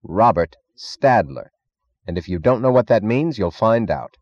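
A man's voice: fairly low pitch, expressive, unhurried, darkish tone, no room sound, muffled recording, pitched above the performer's own voice. A man voicing an arrogant, contemptuous elderly male scientist who gives imperious, clipped commands.

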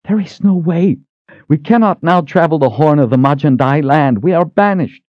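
A man's voice: on the high side, normal speed, dry recording, dull audio, voice pushed up, close to an everyday voice. A man doing an indignant, furious sister. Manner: indignant, defiant. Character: furious, proud woman, a stern sister.

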